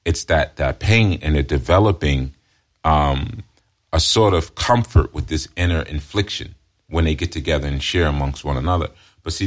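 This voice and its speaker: A man teaching as a spiritual counselor in an emphatic monologue, often repeating himself and adding "you see". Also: deep voice.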